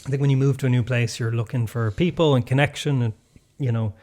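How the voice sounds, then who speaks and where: A man with a mid-pitched voice talks things through as a podcast co-host. He hedges and circles his points with fillers, reflective rather than punchy. The tone is relaxed conversation. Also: fast. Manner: thoughtful, hedging, lots of fillers. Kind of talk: casual chat. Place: North Clare, Ireland.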